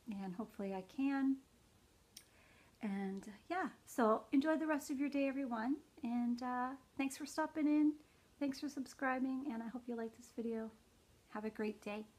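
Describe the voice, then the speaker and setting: A middle-aged woman with a higher-pitched voice vlogs casually about cross stitch. She slides into an exasperated rant that builds almost to shouting.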